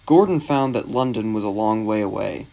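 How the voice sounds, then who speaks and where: A man narrating a children's storybook in a steady, measured reading. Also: fairly low pitch, gravelly.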